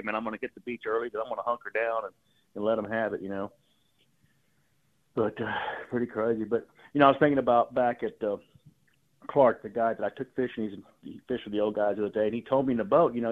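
A man talks quickly over a narrow, tinny phone line, his voice sitting at a mid pitch. He is a fishing guide calling into a radio show, and his stories ramble along with repeated words and easy chuckles. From Texas Gulf Coast. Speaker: fishing guide and guest caller. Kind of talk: casual phone-in storytelling.

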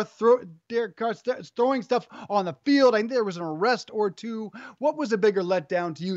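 A high-pitched man hosts a sports talk show, upbeat and teasing. His voice is dry and close, with a dull, lo-fi edge. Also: no echo.

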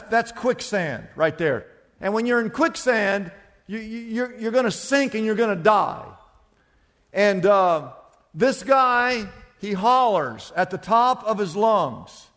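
A man's voice: high voice, fairly bright tone, in a large hall. A man preaching a sermon, telling a story emphatically with frequent repetitions. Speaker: pastor.

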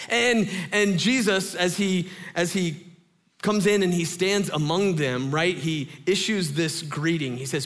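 A man in his thirties, a pastor giving a sermon in a chatty, animated storytelling way. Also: high voice, unhurried, big-room sound. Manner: animated, conversational storytelling with lots of fillers.

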